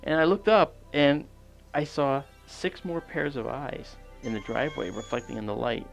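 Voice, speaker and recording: A man's voice: medium pitch, normal speed, gravelly, faint music behind. A man hosting an astronomy livestream, telling a long casual anecdote outdoors at night, rambling with fillers and restarts. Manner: rambling, many fillers and restarts, animated quoted dialogue.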